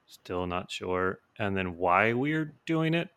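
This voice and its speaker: A man's voice: on the low side, animated, slow pace, a bit bright, smooth. A man co-hosting a podcast in casual chat, hesitant and repeating words as he thinks. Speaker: podcast co-host.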